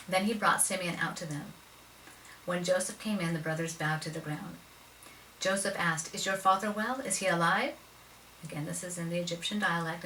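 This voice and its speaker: A woman's voice: lowish voice, fairly bright tone. A woman retelling a Bible story for adults in a casual, conversational and emotionally invested way. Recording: roomy, from a distance with faint noise.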